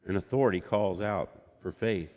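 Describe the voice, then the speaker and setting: A man's voice: low-pitched, normal speed, a little mellow, in a large hall, highs cut off. A man preaching a sermon as pastor, telling a story and acting out voices from the scripture. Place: church sanctuary.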